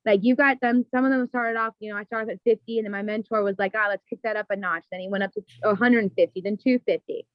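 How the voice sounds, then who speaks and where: A woman's voice: mid-range voice, steady tone, fast, hardly any pauses, no echo, muffled recording. A woman insurance agent talking casually on a team call, filling her speech with "like" and "you know". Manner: chatty, many "like"s and "you know"s.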